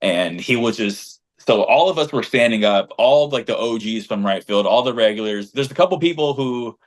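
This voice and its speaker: A man co-hosting a casual podcast as a fan group leader, telling stories in an animated, blunt and slangy way. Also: mid-range voice, moderate pace.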